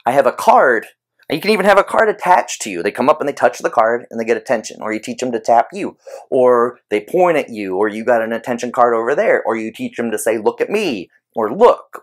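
A man giving an informal explanatory talk on behavior training, conversational and animated, using everyday examples. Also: medium pitch. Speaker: behavior analysis educator.

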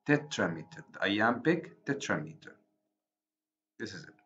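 A lecturer with an Arabic accent speaks in a lowish voice, taking his time and going over each point twice. The recording is dull and lo-fi. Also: big pitch swings, sharp tone. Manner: deliberate, repeats and rephrases points, frequent "okay". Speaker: university lecturer.

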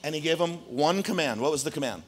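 Male pastor, sermon delivery, raised pitch, lively storytelling to a church crowd. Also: quick pace. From Arizona, United States. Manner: animated storytelling, addressing the congregation directly. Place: church hall.

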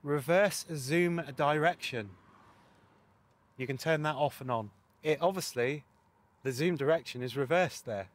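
Guy walking through sat nav settings, fairly high voice, jokey and chatty. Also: a little slow. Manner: chatty, jokey, wry asides. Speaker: presenter reviewing a motorcycle sat nav. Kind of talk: casual product walkthrough.

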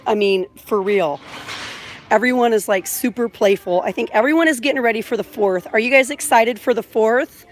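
A woman's voice: on the high side, moderate pace, a little hiss or hum. A woman in her thirties, gushing and chatty as she vlogs live while she shops in a big store, filming on a phone mount. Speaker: vlogger. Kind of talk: live shop-with-me vlog. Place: large indoor store. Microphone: phone on a vlogging mount.

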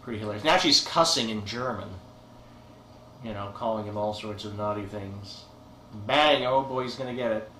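A man's voice: fairly low pitch, moderate pace, pushed and bright. A man who directed the film, chatting through a commentary, pointing out scenes and laughing often. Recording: roomy echo, faint hiss.

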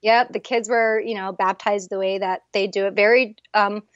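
A woman in her thirties or forties, a guest sharing her faith testimony in an animated, earnest chat. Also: mid-range voice, normal speed, dry recording, dull audio.

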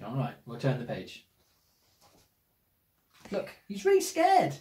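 A woman's voice: very deep voice, huge pitch swings, takes it slowly, mellow. A woman playfully reading a picture book aloud to a child at home, teasing as she goes. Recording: roomy echo.

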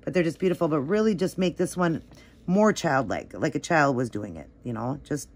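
Chatty low-voiced woman rambling through a nail tutorial. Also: lively intonation, normal speed. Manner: chatty, rambling, many "like" and "um" fillers. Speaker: nail art vlogger. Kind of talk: casual tutorial talk.

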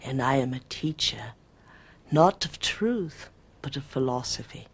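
A woman putting on an ancient, solemn male warrior spirit, speaking slowly and archaically in a put-on British accent. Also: a bass voice, lively intonation, slightly rough, pitched below the performer's own voice, exaggerated voice. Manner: slow, archaic, declaiming. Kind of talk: trance channeling performance.

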